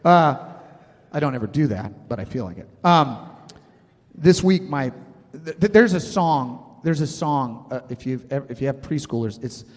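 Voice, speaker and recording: A man's voice: medium pitch, lively intonation, moderate pace, in a large hall. A man in his thirties preaching a sermon, talking conversationally and asking the congregation questions. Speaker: pastor.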